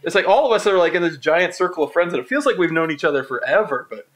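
A man's voice: on the high side, animated, fast, fairly bright tone. A man co-hosting a podcast, musing casually and swearing at times. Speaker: podcast co-host.

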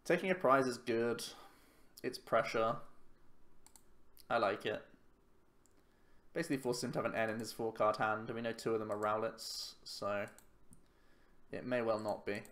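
A man's voice: on the low side, steady tone, moderate pace, long pauses, a bit bright. A man giving casual commentary while playing a card game, thinking aloud in a chatty, self-mocking way. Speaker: YouTube card game player.

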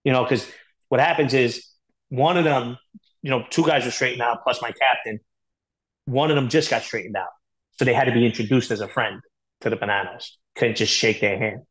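Fast-talking blunt man telling stories. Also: medium pitch, a bit bright, low-quality recording. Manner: rapid, blunt, profane, filler-heavy storytelling. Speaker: podcast guest. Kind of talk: candid storytelling interview.

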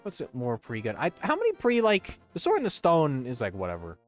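Streaming a video game over faint game music, a young man rambles in casual commentary laced with swearing, fillers and restarts. His medium-pitched voice swings hugely in pitch, and he talks a little fast.

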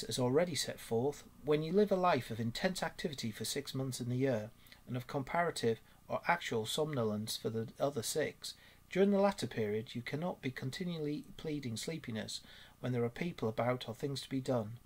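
A man reading a classic children's story aloud, his voice husky and slightly breathy. He reads in a steady, expressive way at a middling pitch. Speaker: story reader.

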